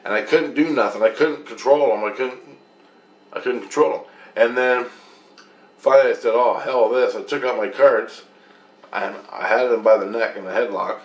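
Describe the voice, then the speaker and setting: A man tells a long, rambling story in casual, profane language and retells the events animatedly. His voice is gravelly and sits at a middle pitch. The recording has a roomy echo. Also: normal speed.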